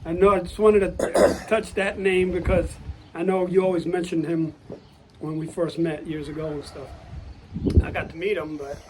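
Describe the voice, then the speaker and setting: A man interviewing with a hesitant, halting manner and many short acknowledgements. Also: on the high side, flat delivery, noisy background. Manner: hesitant, lots of short backchannels. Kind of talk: casual interview.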